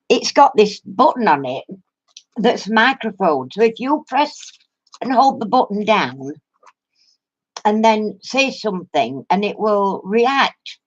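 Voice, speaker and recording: An older woman with a Yorkshire accent, a craft vlogger chatting to viewers and telling a story with lots of laughter. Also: mid-range voice. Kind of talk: casual chat to viewers. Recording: muffled lo-fi recording.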